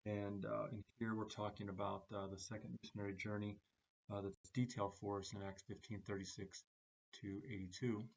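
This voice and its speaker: A man giving a recorded class lecture, speaking haltingly with many "uh" fillers between phrases. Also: on the low side, flat delivery, gravelly, dull audio, a little hiss or hum.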